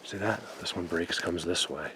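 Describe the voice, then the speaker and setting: A man vlogging outdoors in a forest, excitedly showing viewers what he finds and sometimes dropping to a whisper. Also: low-pitched, normal speed, background noise. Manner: excited, talks to viewers, drops to a whisper at times. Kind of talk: outdoor exploring vlog.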